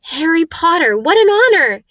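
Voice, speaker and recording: Old bartender in awe, breathless and high, voiced by a woman, dry read. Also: lively intonation, a little slow, no echo, heavily acted. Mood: awestruck. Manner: breathless, reverent. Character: old bald male bartender, overcome with awe.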